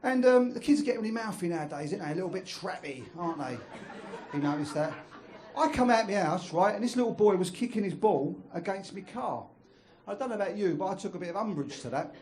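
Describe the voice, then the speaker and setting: A man's voice: high-pitched, expressive, quick pace, a little mellow. A male stand-up comedian from London with a London accent, chatting with the crowd and delivering crude punchlines. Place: comedy club stage. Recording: live comedy club, noisy.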